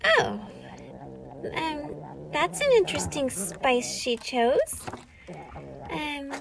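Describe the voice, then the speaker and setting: A woman's voice: high voice, wildly swooping pitch, drawn-out words, heavily acted. A woman voicing a friendly, hardworking cartoon girl who coaxes and encourages a cat. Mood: coaxing. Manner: encouraging, coaxing. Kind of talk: children's cartoon voice acting. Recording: background music under the voice.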